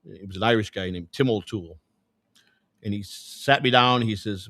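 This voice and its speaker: A man's voice: lowish voice, normal speed, fairly bright tone, dry recording. A man hosting his own show, telling a long personal story in a loose, rambling way, swearing often and restarting his sentences. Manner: rambling, profane, repeats words and restarts. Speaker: show host. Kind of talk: casual storytelling.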